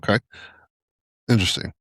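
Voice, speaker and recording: A man's voice: brisk, fairly bright tone, dry recording, studio quality. A man co-hosting a casual podcast, answering with short, laid-back reactions and laughing a lot. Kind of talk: casual chat.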